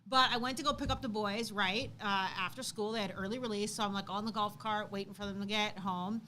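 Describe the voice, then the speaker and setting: A woman in her thirties co-hosting a livestream, chatting casually and telling an animated story, acting out quotes loudly. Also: medium pitch, fairly quick, slight background noise. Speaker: co-host.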